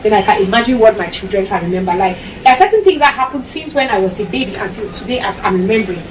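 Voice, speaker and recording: A Cameroonian mom vlogger gives casual parenting advice to camera, emphatic and repetitive, drifting into Pidgin phrases. Her medium-pitched voice is fast with big pitch swings, and the distant mic picks up a roomy sound and loud background ambience.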